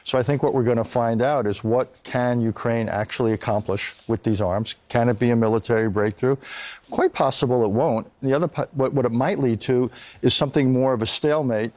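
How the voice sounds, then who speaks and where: An older man, a foreign policy expert, answering news interview questions in a calm, measured, hedging way. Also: medium pitch.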